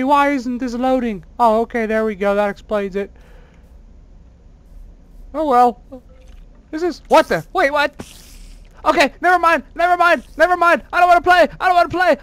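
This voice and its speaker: A gamer commenting on their own play in a very high voice. They exclaim constantly, whine when things go wrong, and poke fun at their own mistakes. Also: dry recording. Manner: excitable, exclaiming and whining at the game; self-mocking.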